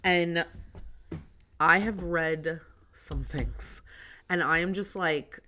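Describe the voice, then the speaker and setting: A woman's voice: on the low side, very slow, sharp tone. A woman co-hosting a casual podcast, chatting emphatically about her bridal shop work and swearing now and then. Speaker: podcast co-host. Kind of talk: casual chat.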